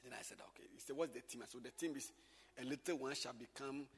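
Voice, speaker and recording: A man, a pastor teaching a church group informally, swinging from loud exclamations to quiet asides. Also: medium pitch, fairly even intonation, quick pace, breathy edge, in a large hall.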